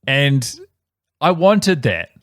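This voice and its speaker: Kiwi guy co-hosting a podcast, mid-pitch, rambling animated chat, dry close mic. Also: very slow, no echo. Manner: rambling, self-correcting, animated storytelling. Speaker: podcast co-host. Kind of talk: casual chat.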